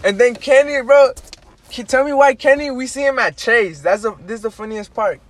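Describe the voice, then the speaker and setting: Young man, high voice, animated slangy storyteller, casual chat. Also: moderate pace. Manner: animated storyteller, heavy slang and profanity, acts out quotes.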